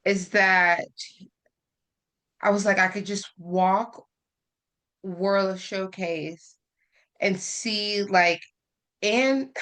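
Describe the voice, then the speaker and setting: In a casual podcast conversation, a woman guest tells a personal story candidly, filling her speech with lots of fillers. Her voice sits lowish, with a bright, forceful tone.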